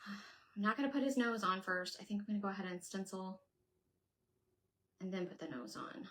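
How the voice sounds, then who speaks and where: A woman with a voice of ordinary middle pitch, hosting a relaxed crafting livestream. She talks casually and keeps up a running chat as she works. She answers her viewers along the way. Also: a little slow, pauses often, background noise. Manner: chatty, thinks aloud while working, answers viewers. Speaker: craft channel host.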